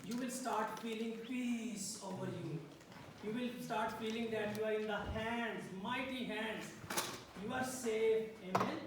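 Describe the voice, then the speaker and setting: A pastor whose first language isn't English preaches a sermon to a congregation in a church hall, asking "Amen?" again and again. His voice is high and a little slow, with a noisy background, recorded from a distance in an echoey room.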